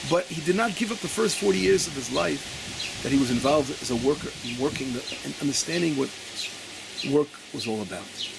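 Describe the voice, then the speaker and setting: A male rabbi teaching Torah. He stops to search his papers, stumbles and repeats words, and reads his quotes slowly with weight. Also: a little high, expressive, creaky, noisy background. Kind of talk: Torah lesson.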